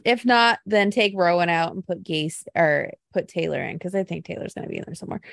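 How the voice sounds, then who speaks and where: A woman co-hosting a casual podcast chat, telling stories in an animated, gushing way. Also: on the low side, normal speed, gravelly, no room sound, studio quality.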